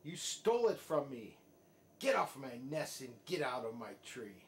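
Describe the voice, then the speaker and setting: A man voicing a lazy, selfish female bird with a high, demanding voice in a storybook reading. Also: very animated, a little slow. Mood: indignant.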